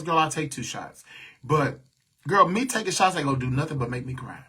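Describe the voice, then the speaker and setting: Man, livestream host, casual chat, husky, bright and tense, candid, venting. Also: on the high side, animated, brisk. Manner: candid, venting, with trailing soft asides; thanks viewers by name.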